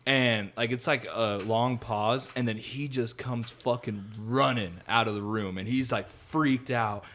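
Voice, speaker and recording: A man's voice: medium pitch, a little slow, slight background noise. Young man telling a story with swearing. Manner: animated storyteller acting out scenes with heavy swearing. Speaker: podcast co-host. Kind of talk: casual chat.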